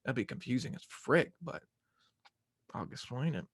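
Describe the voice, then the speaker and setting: A man's voice: mid-range voice, lively intonation, normal speed, no room sound, clean studio sound. A young man hosting a sports podcast, talking casually in rambling, self-mocking rants. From Arkansas fan, southern US.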